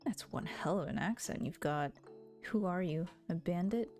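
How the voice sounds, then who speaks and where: A woman's voice: on the low side, lively intonation, moderate pace, a little mellow, faint music behind, voice pushed down. A woman voicing a rude, gloomy village boy who talks curtly and insults people. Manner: curt, insulting.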